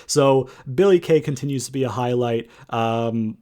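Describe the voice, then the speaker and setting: A man's voice: mid-range voice, normal speed, few pauses, warm tone. Male reviewer, mid-range voice, loose chatty recap delivery, lots of filler words. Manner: rambling, many fillers and restarts. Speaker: wrestling show reviewer. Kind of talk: casual recap commentary.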